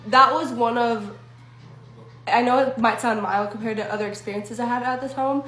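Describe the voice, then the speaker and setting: A woman's voice: fairly high pitch, fairly even intonation, normal speed, over music. Chatty young woman in an echoey room. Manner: chatty, swearing, asides to viewers. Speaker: storyteller. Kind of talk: casual storytime. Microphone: phone selfie video.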